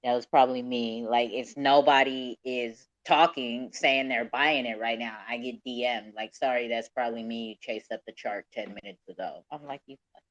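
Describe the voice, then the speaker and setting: Brief: relaxed man hosting a call chat, cusses, laughs a lot, muffled lo-fi audio. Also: medium pitch, moderate pace, no echo. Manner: laid-back, profane, laughs often. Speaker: host.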